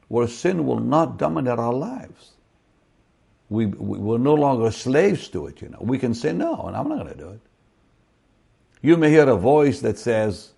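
Guy preaching online, gravelly husky voice, quotes scripture, chatty, pitch jumps all over. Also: darkish tone. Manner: conversational, quotes scripture, frequent restarts. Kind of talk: online Bible teaching.

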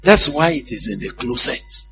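A man preaching a sermon in an animated, humorous way, often asking the congregation if they follow him. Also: medium pitch, moderate pace, slight background noise, low-quality recording.

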